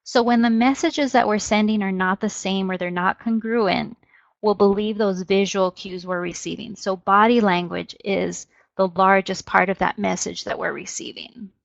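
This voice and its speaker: A woman presents an educational webinar, explaining steadily and starting many sentences with "so." Her mid-range voice has vocal fry and a moderate pace, and the audio is dull and dry with no echo.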